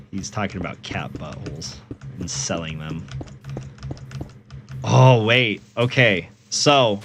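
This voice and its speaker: A young man rambles to his stream chat while gaming, amused and profane, breaking into laughs at his own tangents. His voice sits on the low side, with a faint hum of room ambience behind him. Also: a bit bright.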